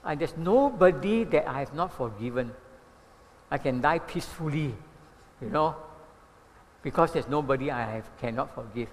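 A man in his seventies with a Malaysian English accent, preaching a sermon as an animated storyteller who keeps saying "you know". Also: on the high side, moderate pace, long pauses, big-room sound, slight background noise. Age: 70s. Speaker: pastor.

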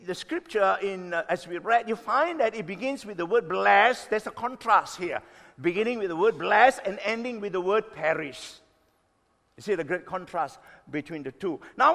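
A pastor in his sixties preaching a sermon, emphatic, stretching key words slowly and swinging between loud and soft. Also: sits high, creaky. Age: 60s. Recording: long reverb of a hall.

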